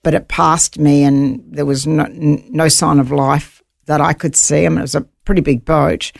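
Woman telling her survival story, gravelly voice. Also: low voice, normal speed, no echo, studio quality. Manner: animated, vivid retelling. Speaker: guest, author. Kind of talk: interview storytelling.

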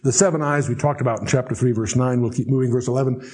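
A man teaching the Bible verse by verse, reading scripture slowly and solemnly, then explaining it in chatty, wry asides. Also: medium pitch, steady tone, a little mellow.

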